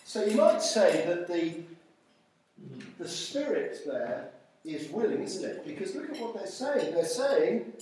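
A man preaching an informal sermon, reading scripture slowly and deliberately. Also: sits high, very animated, darkish tone. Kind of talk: informal sermon at a church evening meal. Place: large echoey church hall. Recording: very echoey hall, voice from far off, faint noise.

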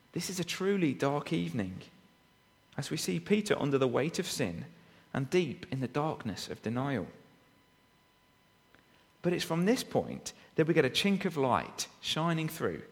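A man's voice: on the high side, sing-song, unhurried. A man preaching a sermon, reading and expounding scripture with frequent rhetorical tag questions. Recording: long reverb of a hall.

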